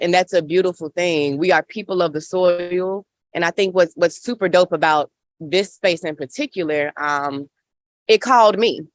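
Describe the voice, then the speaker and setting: A woman's voice: lowish voice, no echo. A woman in her thirties with a Southern accent from Memphis, speaking passionately on a panel with a rhythmic, preacher-like cadence. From Memphis, Tennessee. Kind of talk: panel discussion. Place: outdoor hoop house on a farm.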